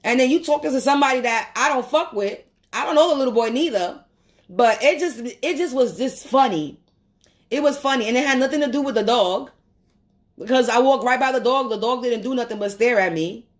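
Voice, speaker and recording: A woman's voice: a little high, brisk. A woman vlogger, ranting angrily and profanely, repeating her points. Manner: heated, profane, repeats herself. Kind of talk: angry rant to camera.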